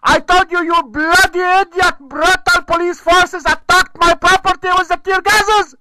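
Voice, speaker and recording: A man on a phone call, angrily shouting insults and threats. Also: very high-pitched, fairly even intonation, measured pace, music in the background. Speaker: caller. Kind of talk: angry prank phone call. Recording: noisy phone recording.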